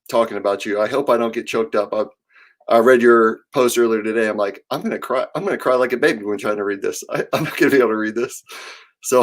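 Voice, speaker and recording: A man hosting a casual live stream, upbeat and chatty, greeting viewers by name with lots of fillers. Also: medium pitch. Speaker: host of a live company stream. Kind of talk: casual livestream chat.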